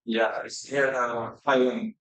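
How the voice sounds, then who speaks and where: A man whose first language is Arabic, chatting casually over tea and often halting to search for words. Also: medium pitch, flat delivery, fairly bright tone. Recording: echoey room.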